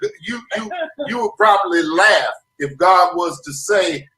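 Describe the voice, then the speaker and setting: A man with a high, bright voice preaches emphatically as the host, his words rising toward a shout at times. He sounds set back from the mic in a roomy, echoing space. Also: expressive, a little slow, distant mic. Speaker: show host. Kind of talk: preachy talk-show commentary.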